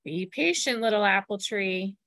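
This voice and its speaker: A woman giving voice to a gentle patient God. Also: mid-range voice, moderate pace, dry recording, clean studio sound. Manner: gentle, calm.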